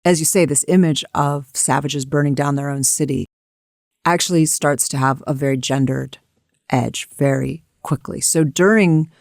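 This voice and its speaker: A woman's voice: low voice, fairly even intonation, moderate pace, creaky, a little mellow, no echo, studio quality. An American woman co-hosting a history discussion, telling events in a vivid, emphatic way. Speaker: co-host.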